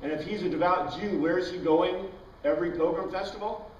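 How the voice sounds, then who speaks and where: A man's voice: high-pitched, a little fast, darkish tone, slight background noise. Chatty male teacher in an echoey room. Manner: chatty, tosses questions to the class, wanders into tangents. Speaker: Bible class teacher. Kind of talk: informal Bible lecture. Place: classroom with students. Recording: dull, echoey room recording from far off.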